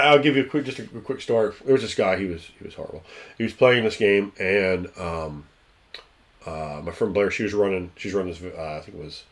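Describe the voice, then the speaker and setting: A man who runs tabletop games, chatting casually and telling stories animatedly, acting out scenes and swearing freely. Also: deep voice. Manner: animated storyteller who acts out scenes, profane. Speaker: tabletop game master. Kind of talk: casual chat.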